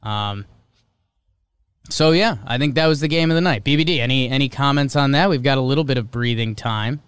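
Casting: young male podcast host, chatty sports takes, smooth clear voice, dry close sound. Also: medium pitch, fairly bright tone, dry recording. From American North. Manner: chatty, opinionated, quick asides. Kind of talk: casual sports talk.

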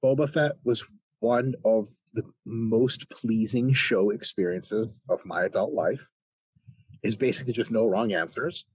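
An American man talking as a podcast guest, animated and ranting with plenty of swearing. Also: lowish voice, unhurried, slightly rough, dry recording. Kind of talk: casual conversation.

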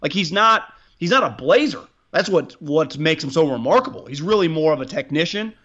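A man's voice: fairly high pitch, lively intonation, brisk, a bit bright, dull audio. A man hosting a casual sports podcast, rambling and restarting his sentences, with frequent swearing. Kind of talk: casual sports talk with profanity.

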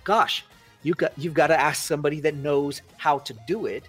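A man talking casually as a podcast guest, animated and folksy in his storytelling. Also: on the high side, moderate pace, faint music behind. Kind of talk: casual conversation.

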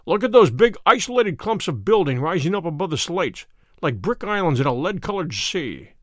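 A man voicing Sherlock Holmes, a musing, brisk male detective, in a dry read story. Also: high-pitched, very animated, fairly bright tone, dry recording, heavily acted. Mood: reflective.

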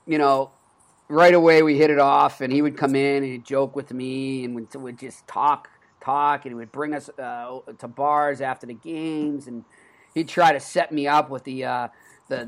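A man's voice: fairly high pitch, steady tone, normal speed. A man in his thirties with a Boston accent, hosting a sports podcast and telling stories in an earnest, conversational way. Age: 30s. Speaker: podcast host.

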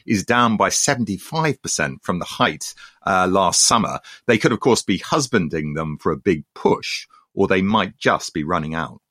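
A British man with a very deep voice co-hosts a history podcast as a historian. He speaks briskly and with confidence, laying out his points analytically, recorded close and dry with no room sound. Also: pushed and bright, no room sound. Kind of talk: conversational history podcast chat.

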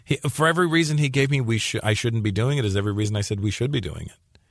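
A man's voice: mid-range voice, very fast, gravelly, no echo, studio quality. A man in his forties from Canada, a comedian telling stories in an interview and restarting phrases as he goes. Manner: animated storyteller, repeats phrases as he restarts. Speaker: comedian guest. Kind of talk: conversational storytelling interview.

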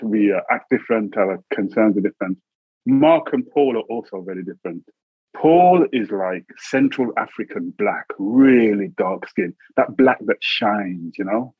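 Husky-voiced man telling stories over a tinny line. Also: fairly low pitch, dry recording. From England. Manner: chuckles often, acts out voices in his stories. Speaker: interview guest, poet. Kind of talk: relaxed storytelling in an interview.

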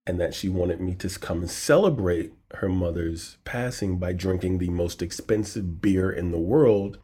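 A man's voice: low-pitched, normal speed, slightly rough. A middle-aged man, a poet and author, telling a personal story in a podcast interview and acting out the quoted lines. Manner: animated storyteller acting out quotes, softening in sad moments.

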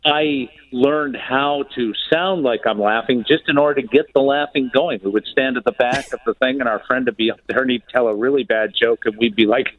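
A man with a Canadian accent, an actor and comedian guest, telling stories on the radio in an animated way. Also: mid-range voice, fairly quick, few pauses, narrow, tinny audio. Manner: animated storyteller. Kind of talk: casual radio chat.

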